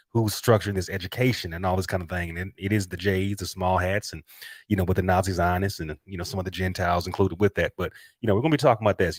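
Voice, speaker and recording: A man's voice: low-pitched, dry recording, clean studio sound. A man hosting a casual talk show, rambling with lots of filler words. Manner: rambling, many fillers, calls audience y'all. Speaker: host. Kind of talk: casual chat.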